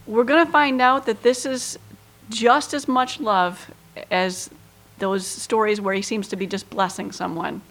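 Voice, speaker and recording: A woman teaches a Bible passage conversationally, leaning on fillers like "you know" and acting out quoted lines with feeling. Her voice is mid-range and fairly bright.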